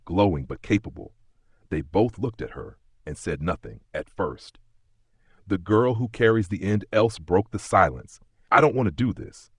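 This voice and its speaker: A man narrates an audiobook in a measured, solemn voice, pausing often. His tone is low and husky, recorded dry and close. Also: no room sound. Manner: measured, solemn, many pauses. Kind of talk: scripted narration.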